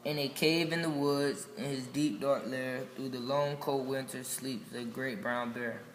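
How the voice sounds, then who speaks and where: Man reading a kids' picture book, slow, level delivery, echoey room with long reverb. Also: medium pitch, fairly even intonation, slight background noise. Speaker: storybook reader. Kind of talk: children's picture book read-aloud.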